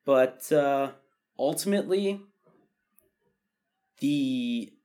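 A man in relaxed conversation on a podcast, his voice sitting at an ordinary middle pitch. He talks thoughtfully and at length, often restarting a phrase before building his point. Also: drawn-out words. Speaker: podcast co-host. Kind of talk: casual chat.

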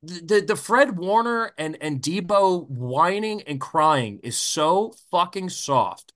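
A man rants on a sports podcast, swearing freely and heated. His voice jumps all over the place in pitch. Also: expressive, takes it slowly, a bit bright. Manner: profane, fired-up ranting. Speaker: podcast co-host.

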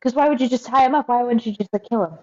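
A woman co-hosting a true-crime podcast in casual chat, animated and jokey. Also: a little high, rapid-fire, lo-fi sound. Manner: animated, jokey, acts out silly voices. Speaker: podcast co-host.

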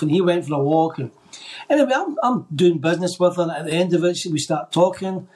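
A man with a notably high voice speaks as a guest on a faith podcast. He tells his story with energy and acts out the people he quotes. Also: expressive, fast, a little mellow. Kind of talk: telling a faith testimony in conversation.

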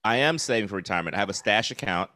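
Guest spot: man in his 40s, low resonant voice, dry close sound, candid and rambling. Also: lively intonation, rapid-fire, bright, forceful tone, no room sound. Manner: candid, laughs easily, rambling with fillers. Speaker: comedian guest. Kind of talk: casual podcast chat. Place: New York City.

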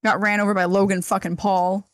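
A woman playing a tabletop role-playing game, animated, laughing often and swearing casually. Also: mid-range voice, brisk, dry recording. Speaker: player. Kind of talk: tabletop role-play banter.

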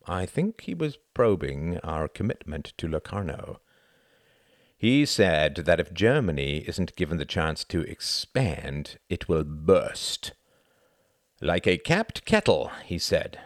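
A man's voice: deep voice, very animated, takes it slowly, no room sound, studio quality, heavily acted. A man doing a nervous young translator. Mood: anxious. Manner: hesitant, wavering. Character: anxious young male translator.

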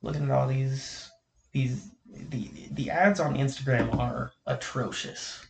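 Young man, podcast host, rambling storyteller, gravelly, echoey room with faint hiss. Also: mid-range voice, fairly even intonation, measured pace. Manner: rambling, lots of filler and laughter. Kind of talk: casual storytelling chat.

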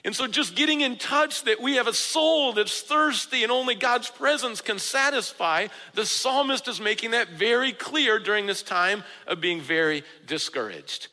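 A man preaching a sermon as pastor, earnest, rising for emphasis and dropping low and slow. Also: animated, pushed and bright, big-room sound, low-quality recording.

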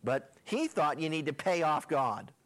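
A male pastor retelling scripture in a folksy, conversational way, full of slangy asides. His voice sits high for a man and swings widely in pitch as he tells the story. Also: big pitch swings, measured pace, a bit bright. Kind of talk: sermon retelling a Bible passage.

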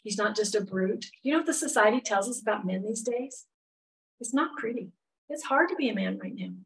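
A middle-aged woman with a slightly high, animated voice teaches a women's Bible study fairly quickly. She's chatty and open, full of "you know" asides, and sounds a little removed from the mic.

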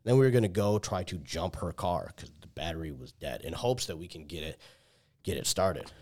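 A young man's deep, slightly mellow voice moves briskly with lively intonation as he tells a long personal story in casual conversation. He relies heavily on "like," swears, restarts, and acts out dialogue he quotes.

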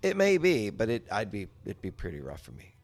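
A man's voice: fairly low pitch, wildly swooping pitch, brisk, faint music behind. A middle-aged man chatting casually as a podcast guest, rambling with many restarts and salty language. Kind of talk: casual chat.

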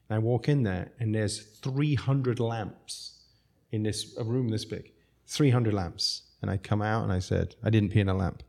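Restaurateur guest, male, low and mellow, loose storyteller who laughs easily. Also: steady tone, normal speed. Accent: non-American English. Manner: laughing, rambling anecdotes. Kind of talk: casual storytelling chat.

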